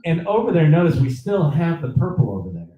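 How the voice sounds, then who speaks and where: Man doing a deadpan fake forecast. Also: fairly high pitch, fast talker, roomy sound, lo-fi sound. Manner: mock-serious presenter patter, chuckles often. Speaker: comedy show co-host. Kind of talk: mock weather report comedy.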